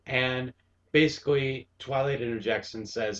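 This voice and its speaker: Male host, from Wisconsin, unhurried delivery, excitable and gushing, laughs easily. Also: medium pitch, muffled recording. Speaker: show host reviewing a cartoon episode. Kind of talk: casual review chat.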